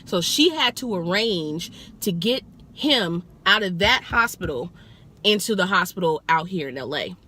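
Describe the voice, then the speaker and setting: A young woman telling a wild passenger story in an animated, profane vlog style, acting out the quotes as she goes. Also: fairly low pitch, a little slow.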